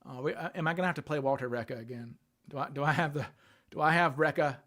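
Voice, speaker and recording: A man's voice: a little high, quick pace, fairly bright tone. Chatty man musing on a livestream. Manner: thinks aloud, reads and answers viewer chat. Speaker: livestream host. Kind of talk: casual livestream chat.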